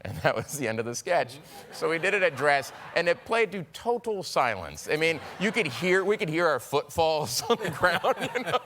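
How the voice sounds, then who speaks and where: A man, a talk show guest, telling animated anecdotes with frequent laughter in casual chat. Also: a little high, moderate pace. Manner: animated storyteller, laughing often, slips into acted voices.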